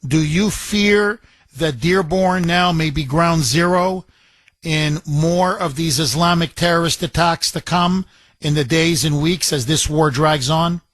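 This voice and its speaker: A man's voice: fairly high pitch, unhurried, fairly bright tone, no echo. A man hosting a talk radio show, firing pointed questions at a caller.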